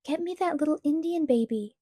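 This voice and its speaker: A little girl pleads and sobs, her voice lifted high and bright above the reader's own, as a woman reads her part. The speech is close and dry, with a tearful, begging edge throughout. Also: brisk, no echo, lightly acted. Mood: pleading. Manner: begging, sobbing.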